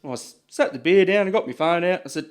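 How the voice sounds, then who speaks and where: An Australian man telling stories in a casual podcast chat, animated and swearing freely. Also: high-pitched, fast. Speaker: podcast guest, butcher. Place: podcast studio.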